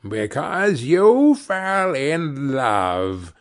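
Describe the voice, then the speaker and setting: A man's voice: on the high side, sing-song, slow pace, creaky, heavily acted. A man voicing Scrooge, a miserly, bitter old man who speaks in a curt, growling way.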